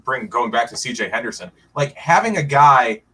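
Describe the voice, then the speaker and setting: A man co-hosting a sports podcast, talking in a relaxed, chatty way and often saying "like". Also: medium pitch, moderate pace, a little hiss or hum. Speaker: podcast co-host. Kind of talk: casual sports podcast discussion.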